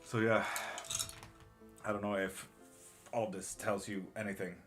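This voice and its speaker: This middle-aged tarot reader and witchcraft teacher speaks in a lowish, level, unhurried voice with a fairly bright tone, faint music playing behind him. He's running a casual live-stream reading, voicing the chat and quietly cursing to himself.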